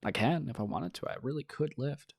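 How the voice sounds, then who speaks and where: Animated joking man. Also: medium pitch, brisk, vocal fry, slightly rough, no echo. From New York. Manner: animated, joking, swears freely. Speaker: podcast co-host. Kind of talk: casual chat.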